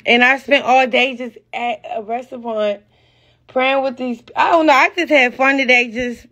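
A woman talking casually on a live stream, rambling and excitable, full of slang and losing her train of thought. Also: high voice, moderate pace.

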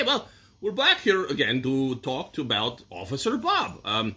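A man's voice: mid-range voice, wildly swooping pitch, a little slow, bright, forceful tone, breathy edge. A man rambling goofily as the interviewer in a comic birthday video, often trailing off into mumbles.

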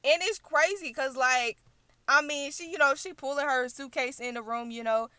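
A young woman hosting a reaction channel, recapping a video in animated, chatty storytelling. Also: sits high, normal speed, no room sound. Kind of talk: casual recap vlog.

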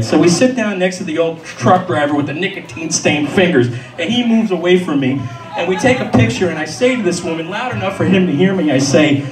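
A man's voice: high voice, brisk. A man telling a funny story at a live storytelling event, acting out the people in it. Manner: lively, acts out the voices of the people in his story. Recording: echoey room, mic far off.

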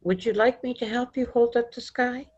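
A woman voicing a kind, patient, gentle man with a soft, soothing manner. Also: a little high, steady tone, moderate pace, breathy edge, voice pushed up. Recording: dull lo-fi recording.

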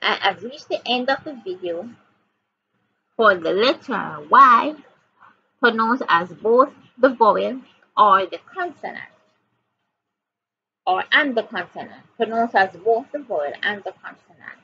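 Jamaican woman, reading teacher, a little high and sharp, spells slowly letter by letter, slightly muffled recording. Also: animated, slightly rough. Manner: spells words letter by letter, repeats words and questions. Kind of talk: slow spelling and reading lesson. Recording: dull lo-fi audio with faint background noise.

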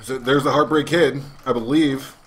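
A man's voice: medium pitch, fairly even intonation, moderate pace. A man commentating a wrestling video game as a let's play host, joking in a mock announcer way. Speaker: gaming channel host.

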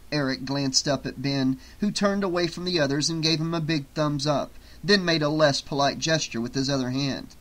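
A man narrating an audiobook in a steady, measured reading. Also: mid-range voice. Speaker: audiobook reader.

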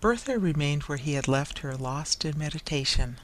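Measured storybook narrator. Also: mid-range voice, animated, rough recording. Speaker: audiobook narrator.

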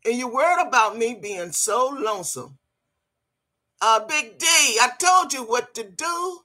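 A woman's voice: on the high side, lively intonation, takes it slowly, long pauses, bright, forceful tone. An older woman hosting a casual livestream, greeting viewers and scolding critics in a blunt, feisty way. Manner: greets chat viewers by name. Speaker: livestream host.

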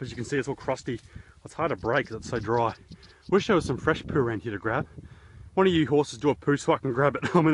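A man's voice: a little high, background noise. An Australian man hosting a goofy outdoor vlog in a horse paddock, talking into a handheld camera in a jokey, rambling, self-mocking way. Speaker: YouTuber host.

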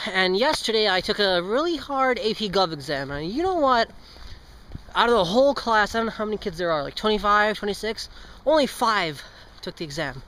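A man's voice: sits high, a bit bright, poor audio. A teenage boy vlogging outdoors on a street as he walks, rambling, tripping over his words, joking and swearing casually. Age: teens. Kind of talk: casual vlog. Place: outdoors on a street with passing cars.

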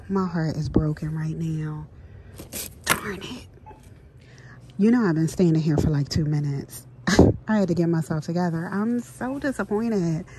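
A woman chatting to her viewers in a casual shopping vlog, excitable and talkative, filmed on a handheld phone inside a store. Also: lowish voice. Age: adult, married mother. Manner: chatty, excitable, talks to viewers as "girl" and "y'all". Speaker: vlogger. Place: inside a large retail store. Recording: store background noise and clicks.

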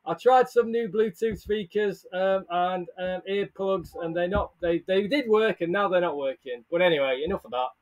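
High-voiced upbeat livestream host. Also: male voice, moderate pace, hardly any pauses. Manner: upbeat, greets viewers by name, laughs often. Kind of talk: casual live-stream chat. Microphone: headset or earbuds with desk mic.

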